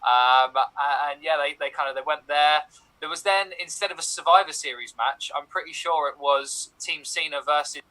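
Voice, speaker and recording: A man's voice: on the high side, normal speed, sharp tone, low-quality recording. A man co-hosting a casual chat in an easygoing, joking way, speaking into a computer microphone on a remote call. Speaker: podcast co-host.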